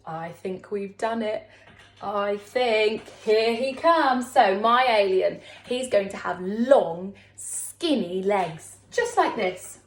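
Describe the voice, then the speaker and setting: A woman primary school teacher giving a recorded lesson to young children, talking slowly in an encouraging, sing-song way. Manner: slow, sing-song, encouraging teacher talk with big pitch swings. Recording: echoey room.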